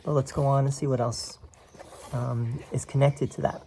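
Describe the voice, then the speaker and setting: A man's voice: mid-range voice, flat delivery, normal speed, warm tone, slight background noise. A man teaching a spiritual text in a casual, conversational way, explaining passages and often checking in with "right?". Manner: explains quoted text line by line.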